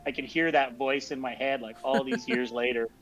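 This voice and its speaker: A man's voice: mid-range voice, fairly even intonation, normal speed, a bit bright. A man in his fifties tells a long, rambling story in casual chat, with many restarts. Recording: dull lo-fi audio with faint music.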